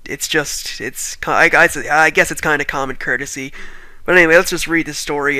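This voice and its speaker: A man's voice: on the high side, bright, forceful tone, no room sound. A young Irish man with a light Irish accent, chatting casually and self-deprecatingly before reading a creepy story aloud to his viewers. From Ireland.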